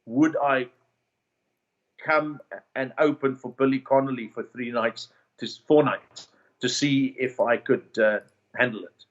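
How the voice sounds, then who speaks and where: A man's voice: medium pitch, measured pace, dull audio. A man with a South African accent, a comedian guest telling career stories in a casual interview. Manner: animated anecdotes with put-on quoted voices.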